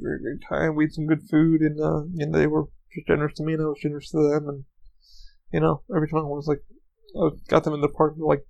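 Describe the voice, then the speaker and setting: A man's voice: on the high side, vocal fry, a little mellow, low-quality recording. A man hosting his own podcast, rambling through a casual story with lots of swearing, fillers and restarts. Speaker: podcast host. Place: lives in Orlando, Florida.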